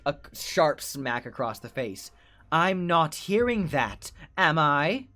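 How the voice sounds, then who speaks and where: A man's voice: mid-range voice, expressive, takes it slowly, a bit bright, voice pushed up. A man voicing a cruel, possessive female boss who taunts and threatens in a sing-song way. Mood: menacing.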